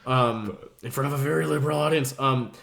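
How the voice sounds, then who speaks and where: A man's voice: mid-range voice, brisk, vocal fry, a bit bright. A young man co-hosting a podcast, telling a long, rambling story in casual chat and swearing freely. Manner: acts out quoted voices. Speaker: podcast co-host.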